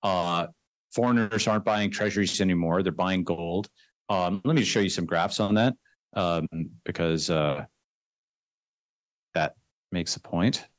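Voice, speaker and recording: Low-pitched and free of room sound, this man's voice belongs to a guest investor in a conversational interview. He presses his points quickly and emphatically, routinely adding "right?" and "okay."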